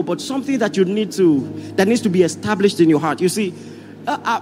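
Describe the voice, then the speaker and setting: A Nigerian-accented male pastor preaching in a very high, lively voice that swoops up and down. He rouses the congregation with call-and-response and often shouts. His voice carries a long hall reverb over faint music. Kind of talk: sermon.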